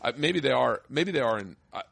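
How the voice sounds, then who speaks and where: A man's voice: medium pitch, a little fast, gravelly, no room sound. A man from the United States hosting a podcast, telling stories in casual chat with lots of swearing and put-on voices. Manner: profane, animated storytelling with put-on voices. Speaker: podcast host.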